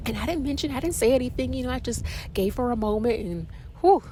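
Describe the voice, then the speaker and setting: A woman hosting a casual podcast, telling a story in an animated, dramatic way. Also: quick pace, background noise. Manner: animated and dramatic, with expressive pitch jumps. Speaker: podcast host.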